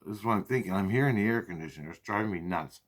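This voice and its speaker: Man with a deep voice for a casual, swear-heavy vlog monologue that loops back on itself. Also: very fast. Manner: profane, repetitive, restarts often. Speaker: vlogger. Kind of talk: rambling spoken monologue.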